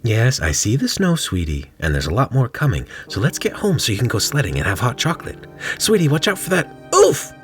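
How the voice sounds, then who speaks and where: A man voicing a flustered, protective young mother in a storybook reading, pushing his voice up high and stammering nervously. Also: huge pitch swings, brisk, hardly any pauses, faint music behind. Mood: coaxing.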